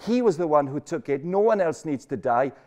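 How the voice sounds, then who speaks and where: Man, preacher, high voice, lively conference sermon, jokey, emphatic repeats, lecture hall. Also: brisk.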